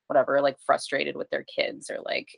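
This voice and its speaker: Low voiced woman just talking real candid, swears a lot, says like constantly, dry sound. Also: monotone, moderate pace, gravelly, no room sound. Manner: candid, swears freely, lots of "like". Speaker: podcast guest or co-host. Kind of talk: casual chat.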